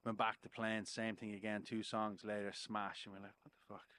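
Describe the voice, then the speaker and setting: A man's voice: fairly low pitch, level tone, moderate pace, fairly bright tone, no room sound. A man, a musician guest on a podcast, telling a story in casual chat, swearing freely and checking in with "right?".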